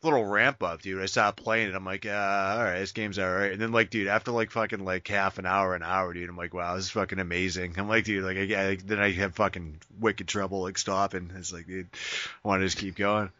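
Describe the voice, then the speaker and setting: A man's voice: low-pitched, little pitch movement, a little fast, sharp tone, dry recording. A man chatting casually about video games, profane and ranting, saying "dude" constantly. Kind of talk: casual gaming chat. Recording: dull, dry lo-fi sound.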